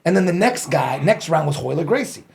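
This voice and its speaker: Podcast guest, male, high gravelly voice, animated profane storyteller. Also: a little fast. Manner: animated, profane, acts out his own past thoughts. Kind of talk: casual storytelling.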